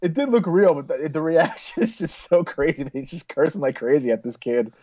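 A man co-hosts a relaxed talk with a fairly high voice, often amused and quick to laugh. His sound is dull and dry, with no room around it. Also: no room sound. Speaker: podcast co-host. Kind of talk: casual chat.

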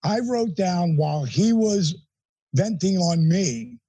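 A middle-aged man, an interview guest, telling a personal story in an animated, emphatic way with blunt language. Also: sits high, slow pace, no echo, poor audio.

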